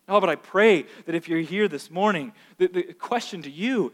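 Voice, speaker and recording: A man with a fairly high voice delivers a sermon in a large church, his words trailing off into a long hall reverb. He preaches with animation, now and then mimicking the whiny voice of a child who protests. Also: normal speed, few pauses. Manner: animated, acts out quoted voices of complaining children. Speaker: pastor. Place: church sanctuary.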